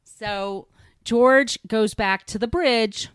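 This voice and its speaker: A woman's voice: a little high, drawn-out words, clean tone, dry recording. Chatty woman podcast host, dry sound. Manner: chatty, rambling, laughing at herself. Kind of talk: casual movie recap.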